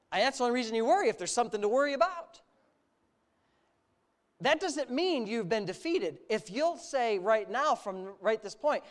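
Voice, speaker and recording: Lively, animated male pastor preaching. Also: high-pitched. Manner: animated preaching, builds with repeated lists. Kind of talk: sermon.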